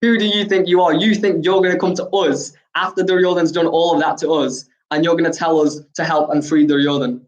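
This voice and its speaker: A man's voice: a little high, steady tone, brisk, few pauses, lo-fi sound, natural voice. A man acting out an indignant, mocking warrior while retelling an epic story. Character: furious proud warrior man, scornful.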